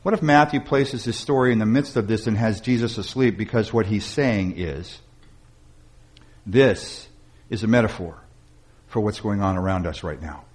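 Man preaching a sermon with rising emphasis. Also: fairly low pitch. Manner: preaching with swells of emphasis and quiet, slowed passages; restarts and repeated words. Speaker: pastor.

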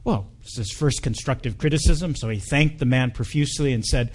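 A man's voice: mid-range voice, a little fast, breathy edge. A man preaching at a church anniversary, telling a humorous story in a conversational manner with frequent ums. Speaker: pastor.

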